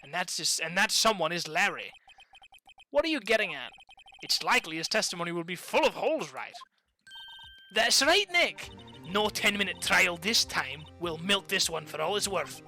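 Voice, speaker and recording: A streamer voicing a calm, smug young male prosecutor in measured tones. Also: mid-range voice, soft background music, poor audio. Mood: scheming.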